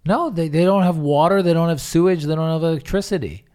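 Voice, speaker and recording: A man's voice: fairly high pitch, fast, darkish tone, smooth. A man co-hosting a podcast in casual chat, blunt and emphatic, swearing freely. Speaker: podcast co-host.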